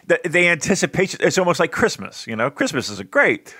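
A man's voice: fairly high pitch, very animated, fast talker, bright, forceful tone, breathy edge, dry recording, studio quality. A man co-hosting a podcast in casual chat, laughing easily and asking questions. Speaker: podcast co-host.

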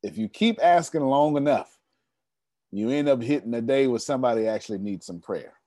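In a dry, studio-quality recording, a young motivational speaker runs a members' meeting, preaching emphatically and talking directly to his audience through stories. His voice sits at medium pitch, mellow and lively, moving a little fast.

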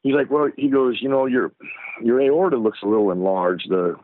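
In a casual interview, a middle-aged former football player tells stories as the guest, animatedly acting out the voices of the people in them. He speaks at a medium pitch and moderate pace over a dry, tinny phone line with slight background noise.

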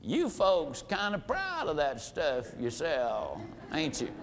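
A man voicing a folksy rural old-boy prospect, sly and drawling, in a lowered, quieter voice. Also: huge pitch swings, slow pace, big-room sound, a little hiss or hum, heavily acted.

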